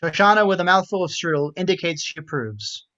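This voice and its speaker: A man reads the stage directions aloud, slipping in dry, wry commentary as he goes. His voice sits a little higher than most men's, and the recording sounds dull and lo-fi. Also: expressive, fairly quick, bright, forceful tone. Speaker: narrator.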